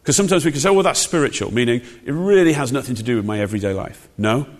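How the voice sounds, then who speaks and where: A man's voice: medium pitch, big pitch swings, very fast, darkish tone. A man preaching a sermon, emphatic and conversational, with frequent rhetorical questions. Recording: long hall reverb.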